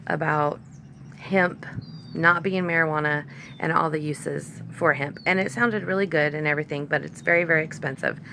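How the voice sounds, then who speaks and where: Gravelly low-voiced woman rambling. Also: bright, forceful tone. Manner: chatty, rambling, talks to her dogs. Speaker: vlogger. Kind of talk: casual rambling storytelling. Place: outdoors with her dogs. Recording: faint background noise.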